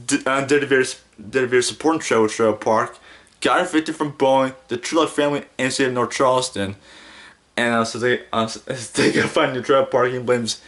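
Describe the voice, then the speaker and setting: A man's voice: medium pitch, moderate pace, a bit bright. Rambling, giggly podcast host, a man. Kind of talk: casual podcast monologue.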